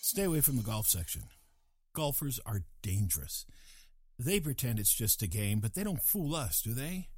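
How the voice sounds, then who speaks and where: An older man hosting a scripted comic monologue with a wry, deadpan edge. His pitch moves a lot as he teases the listener. The sound is close and dry, with no room in it. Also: normal speed, breathy edge, no room sound. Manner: dry, wry delivery with playful voices. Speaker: comedic host.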